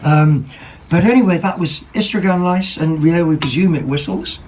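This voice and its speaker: A man hosting a vlog, chatting casually about second-hand finds in a rambling, excitable way, full of ums and self-corrections. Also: on the high side, moderate pace, background noise. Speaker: vlog host.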